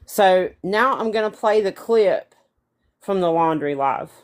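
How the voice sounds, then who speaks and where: A woman's voice: medium pitch, animated. Woman hosting a live show, um-ing and saying sorry, plain middle voice. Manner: halting and apologetic, with fillers. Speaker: host of a scam-awareness stream. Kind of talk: casual live commentary.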